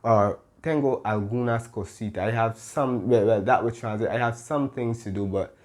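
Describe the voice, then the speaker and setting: A man teaching a Spanish lesson, patiently explaining rules, checking in with "okay?" and correcting himself as he goes. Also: medium pitch. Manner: pauses and corrects himself mid-sentence. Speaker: Spanish tutor.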